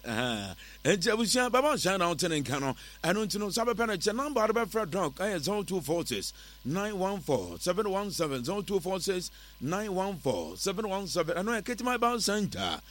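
Ghanaian radio host guy, kinda high voice, bouncy, reading ads and shout-outs. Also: brisk. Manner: animated, reads out sponsor ads and shout-outs. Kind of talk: radio talk show in mixed Twi and English.

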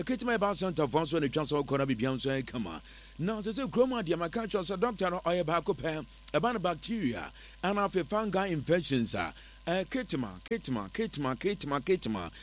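A man with a Ghanaian accent hosting a radio talk show, animated as he reads out sponsor ads and shout-outs. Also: fairly high pitch. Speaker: radio host. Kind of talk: radio talk show in mixed Twi and English.

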